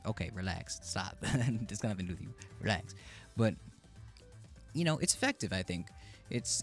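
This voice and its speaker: Low-voiced chatty male streamer. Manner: chatty, rambling, self-interrupting. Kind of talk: casual live-stream reaction.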